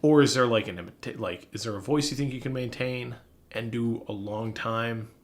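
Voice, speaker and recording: A man's voice: mid-range voice, normal speed. A young man co-hosting a podcast in casual chat, rambling and correcting himself, laughing often. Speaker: podcast co-host.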